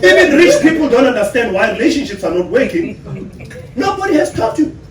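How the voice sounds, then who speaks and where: A South African man giving an animated motivational talk on relationships to an audience. He acts out the voices of the people he quotes. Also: very high-pitched, fairly quick, a crowd in the background. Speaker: relationship speaker. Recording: echoey room, distant mic, faint hum.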